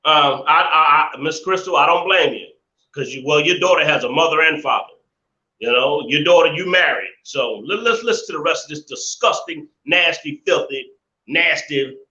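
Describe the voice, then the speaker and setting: A man's voice: a little high, moderate pace, pushed and bright. A man hosting a live stream, ranting indignantly and repeating himself in casual commentary. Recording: echoey room, dull lo-fi sound.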